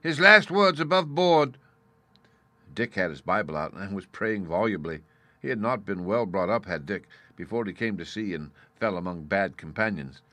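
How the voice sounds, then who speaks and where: Man, audiobook narration, measured storytelling, lowish pitch, dry close sound. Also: a bit bright, no echo. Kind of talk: scripted narration.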